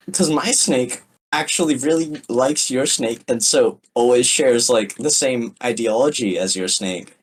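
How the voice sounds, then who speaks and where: A podcast co-host in casual banter who is excitable and stammers, repeating words. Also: mid-range voice, a little hiss or hum, poor audio.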